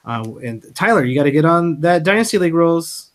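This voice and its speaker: A man's voice: on the high side, expressive, fairly quick. Filler-heavy male podcast host. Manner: loose, filler-heavy talk. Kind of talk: casual chat.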